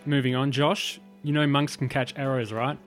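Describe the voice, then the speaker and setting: A man running a tabletop game for a podcast, his voice sitting at an ordinary middle pitch. He talks in a wry, teasing way, with soft music underneath. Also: steady tone, moderate pace. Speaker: game master. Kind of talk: casual podcast chat.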